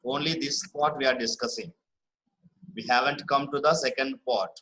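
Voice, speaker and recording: A man teaching a spelling lesson, explaining patiently, repeating words slowly and asking "right?" to check understanding. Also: medium pitch, fairly even intonation, bright, forceful tone, slight background noise, poor audio. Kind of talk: online classroom lesson.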